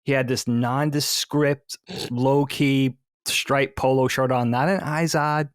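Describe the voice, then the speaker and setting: A man from the Philadelphia area telling an animated story in casual podcast chat. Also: medium pitch, no room sound, clean studio sound. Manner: animated storyteller, quick asides. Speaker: podcast co-host.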